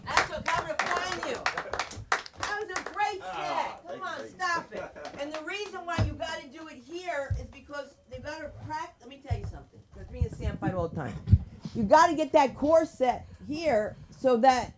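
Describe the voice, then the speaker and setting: A woman's voice: sits high, animated, moderate pace, background noise. A woman hosting an open mic at a comedy club, chatty and encouraging as she gives comics feedback. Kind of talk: emceeing and giving feedback.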